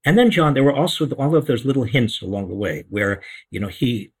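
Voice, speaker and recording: Man, husky voice, animated pitch, emphatic, repeats words, political discussion. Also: fairly quick, low-quality recording. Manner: emphatic, repeats words for stress, lively intonation.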